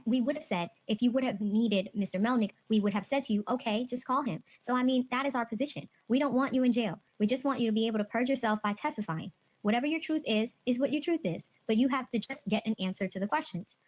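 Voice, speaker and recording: A woman's voice: on the high side, a little mellow. A woman prosecutor speaking firmly to a witness in a courtroom exchange, repeating her points with insistence.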